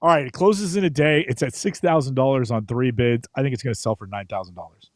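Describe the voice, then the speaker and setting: A man's voice: medium pitch, fast talker, no room sound. A man co-hosting a live car auction stream, presenting cars casually in an easygoing, amused way. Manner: easygoing, amused, chuckles while reading car specs.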